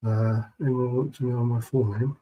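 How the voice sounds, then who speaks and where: A man's voice: mid-range voice, little pitch movement, moderate pace, lo-fi sound. A man chatting casually on a live stream, greeting viewers and reading their messages in a laid-back, chummy way, keeping his voice down.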